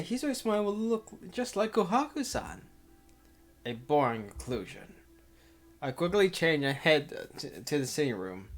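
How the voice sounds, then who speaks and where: Man, let's play narration, visual novel read-aloud, rambling, self-interrupting. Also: mid-range voice. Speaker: let's player.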